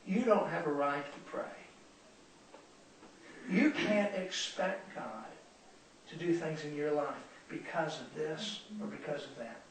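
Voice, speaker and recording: High-voiced preacher man in an echoey room. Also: slow pace. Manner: earnest, preacherly, repeats words for emphasis. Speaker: Bible study teacher. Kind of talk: sermon. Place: room used for a Bible study. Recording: echoey room from far off, faint noise.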